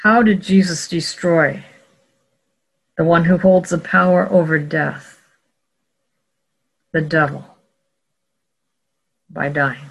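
A Bible teacher giving a scripture teaching talk in a measured, explanatory way, often correcting themselves mid-sentence. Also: mid-range voice, fairly even intonation, gravelly, husky, rough recording.

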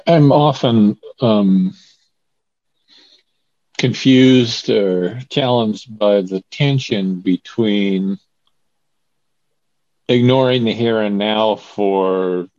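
Slow, thoughtful man on muffled audio. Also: fairly low pitch, a little mellow, no room sound. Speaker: Bible study participant. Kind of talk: group discussion.

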